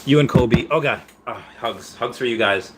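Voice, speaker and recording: A man's voice: medium pitch, normal speed, background noise. A man in his thirties hosting a casual live stream, chatty, reading viewer messages aloud and rambling from topic to topic. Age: 30s.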